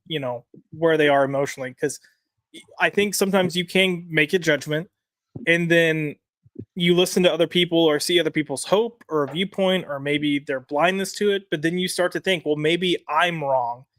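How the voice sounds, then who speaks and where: Man, comics podcast co-host, casual chat, fairly high voice, dry close sound. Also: fairly bright tone, no room sound.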